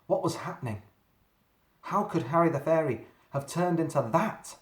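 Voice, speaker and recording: A man reading a children's story aloud, dramatic and slowing down for suspense. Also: on the high side, lively intonation. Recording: roomy echo.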